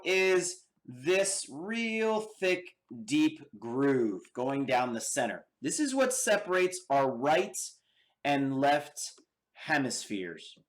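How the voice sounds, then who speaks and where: An American man teaching an anatomy lab, explaining step by step and checking in with his students often. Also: on the high side. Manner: slow and deliberate, checks in with okay and all right. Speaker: anatomy instructor. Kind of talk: lab demonstration lecture.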